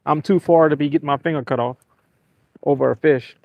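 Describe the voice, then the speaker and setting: A man, hosting a fishing livestream from a small boat and talking casually and excitedly to his viewers. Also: a little high, a little fast, creaky, no echo, highs cut off. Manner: excitable, venting, apologetic. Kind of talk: casual live-stream talk to viewers. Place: small boat on open water.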